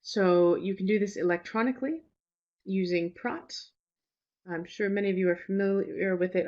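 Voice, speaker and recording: Woman, teacher trainer, webinar talk; lowish voice, relaxed and reassuring, many fillers; slightly muffled video-call sound. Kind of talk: webinar presentation. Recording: slightly dull lo-fi webinar audio.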